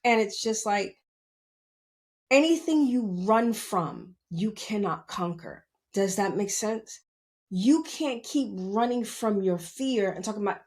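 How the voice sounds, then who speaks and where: A woman's voice: mid-range voice, lively intonation, slow, a little mellow. A woman hosting a podcast, talking candidly and emphatically in a motivational monologue, often checking in with her listeners. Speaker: podcast host.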